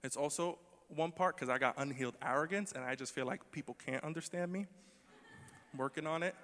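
A man preaching a sermon in a conversational, humorous way, moving between quiet asides and emphatic lines. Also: fairly high pitch, fairly quick. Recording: long hall reverb.

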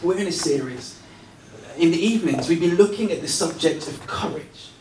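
A man giving a relaxed, self-deprecating sermon built around a family story, recorded in a church hall. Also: fairly high pitch, moderate pace, a little hiss or hum. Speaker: pastor. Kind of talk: sermon with personal stories. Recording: roomy sound from a distance.

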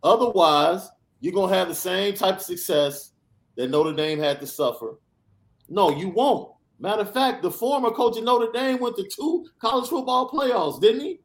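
A man's voice: high voice, lively intonation, normal speed. Emphatic sarcastic podcast host man. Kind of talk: animated sports podcast rant.

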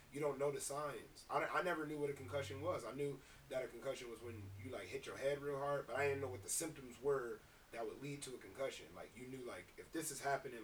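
Young male co-host, rapid and profane, middle-pitched, slightly off-mic with faint hiss. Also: recorded from a distance, rough recording. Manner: profane, emphatic storytelling. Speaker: podcast co-host. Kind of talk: casual chat.

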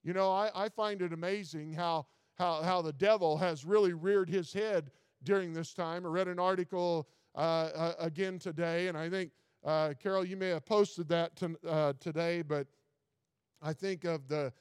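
A man preaching a sermon, stumbling over repeated words, reading scripture slowly, and building to loud, fervent declarations. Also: a little high, fairly even intonation, clean tone, no echo, studio quality, long reverb tail. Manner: reads old-style scripture slowly. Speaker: pastor.

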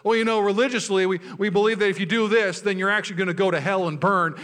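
A pastor mimicking a smug, preachy churchgoer who lectures others on rules. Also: male voice, sits high, steady tone, quick pace, fairly bright tone, smooth, big-room sound, pitched above the performer's own voice. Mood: smug lecturing. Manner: sarcastic, moralizing.

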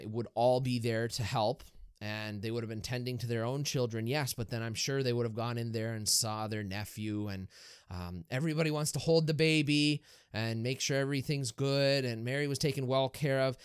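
Priest explaining in a dry, close sound. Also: male voice, mid-range voice, normal speed, clean tone, dry recording. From Erie, Pennsylvania, US. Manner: explanatory, lively, asks listeners rhetorical questions. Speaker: Catholic priest and podcast co-host. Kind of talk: casual podcast discussion.

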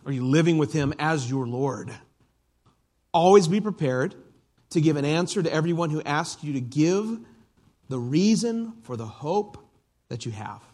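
A male pastor delivers a sermon in a relaxed, conversational way, his voice sitting a little higher than most men's. He tells stories with animated energy, keeping a casual tone. He sounds like a middle-aged speaker. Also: unhurried. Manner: conversational preaching with animated storytelling.

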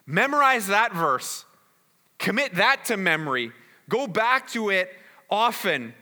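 A man's voice: high voice, very animated, measured pace, sharp tone. A man preaching a sermon in a conversational way, often repeating words and asking "right?". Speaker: pastor. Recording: reverberant hall.

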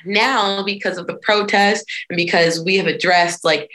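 A woman activist answering interview questions in a lively, conversational way, often acting out other people's voices. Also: lowish voice, moderate pace, few pauses. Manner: animated, acts out quoted voices. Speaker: activist guest.

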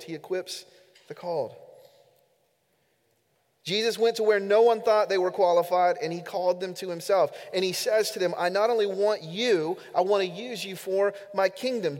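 High-voiced pastor preaching in an echoey church. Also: male voice, a little mellow. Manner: earnest, emphatic preaching, addressing the congregation directly. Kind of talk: sermon. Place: church sanctuary during a service. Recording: echoey hall with long reverb.

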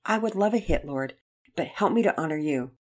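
A woman's voice: deep voice, expressive, brisk. A woman voicing a young boy praying silently and earnestly before he bats. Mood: earnest prayer. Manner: quiet heartfelt prayer.

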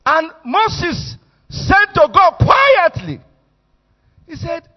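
A man with a Nigerian accent preaching a sermon, animated and storytelling as he acts out the quotes. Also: very high-pitched, drawn-out words, long pauses. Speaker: bishop, preacher. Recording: echoey hall, muffled sound.

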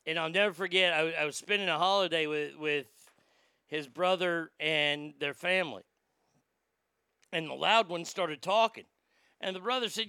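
Male comedy host, swearing storyteller, higher-pitched with a smooth, clear tone. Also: normal speed, long pauses, bright, forceful tone, dry recording, studio quality. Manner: blunt, swearing, riffing storyteller. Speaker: podcast host answering listener mail. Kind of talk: profane comedic advice rant.

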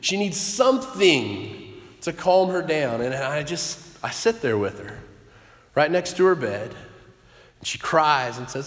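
A man in his thirties, a pastor giving a sermon in an earnest, halting storytelling way with restarts. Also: mid-range voice, animated. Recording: echoey hall with long reverb.

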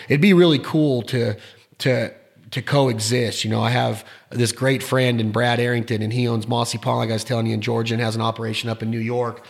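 Rambling, enthusiastic male podcast host. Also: medium pitch. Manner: enthusiastic, rambling, repeats words. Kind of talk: casual interview chat.

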